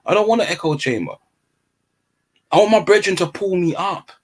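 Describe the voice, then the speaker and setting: A man holds forth in casual conversation. He is earnest and emphatic and circles back over his points. His voice is husky and moves up and down a lot. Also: high voice, lively intonation, moderate pace. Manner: earnest, emphatic, repeats himself. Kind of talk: casual chat.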